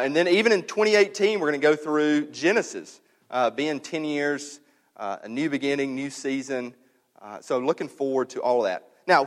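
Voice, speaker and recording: A man's voice: medium pitch, in a large hall. A man, a pastor talking to his congregation in a casual, candid way with many fillers. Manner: casual and candid, many fillers, reads a passage aloud slowly. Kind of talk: sermon announcement, conversational.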